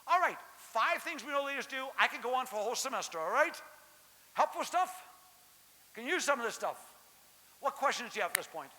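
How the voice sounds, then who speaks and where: A middle-aged man giving a lively conference keynote, joking and quizzing the audience. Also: very high-pitched, brisk, pauses often. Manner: animated, jokey, quizzes the audience. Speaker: keynote speaker. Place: large lecture hall. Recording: hissy hall reverb.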